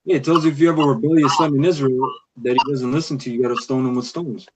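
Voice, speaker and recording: A man's voice: mid-range voice, fairly even intonation, fast talker. A man joining a casual religious discussion, talking in slang and reading scripture aloud. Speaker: discussion participant. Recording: noisy recording.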